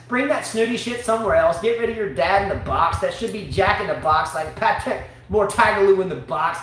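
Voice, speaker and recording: A man co-hosting a live online sports talk show, ranting in an animated way with comic outbursts. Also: high voice, fairly quick, few pauses. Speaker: show co-host. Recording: very echoey room, faint hiss.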